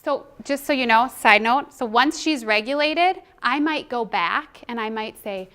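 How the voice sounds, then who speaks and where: A middle-aged woman presenting a teaching workshop, conversational and animated, breaking into short acted classroom scenes. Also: fairly high pitch, measured pace, clear, resonant tone. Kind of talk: teaching presentation with role-play demonstration.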